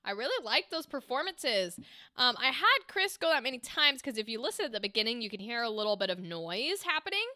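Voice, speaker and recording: A woman hosts a casual livestream, gushing over voice actors' clips in a high, bright voice. Her tone is smooth and clear, recorded close and dry. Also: big pitch swings, fairly quick, no room sound. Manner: enthusiastic, gushing praise. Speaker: livestream host reviewing voice auditions.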